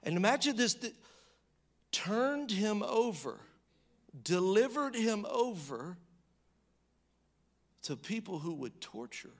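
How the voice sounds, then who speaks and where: A man preaching a sermon in a fairly high voice. He moves between loud, emphatic bursts and hushed, low reading, with casual asides and restarts along the way. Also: sing-song, takes it slowly, long pauses.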